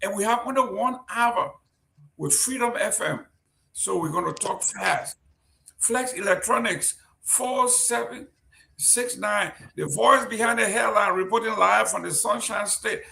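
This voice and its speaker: A man's voice: high-pitched, measured pace, vocal fry, bright, forceful tone, slight background noise. A man from Liberia hosting a live-streamed talk show, chatty and joking as he reads out viewers' greetings. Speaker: host. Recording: roomy echo.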